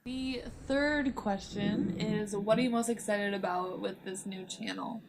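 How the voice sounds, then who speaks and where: A woman's voice: mid-range voice, fairly even intonation, a little slow, gravelly, noisy background. A young woman chatting casually to camera about books, rambling and giggly. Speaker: book vlogger.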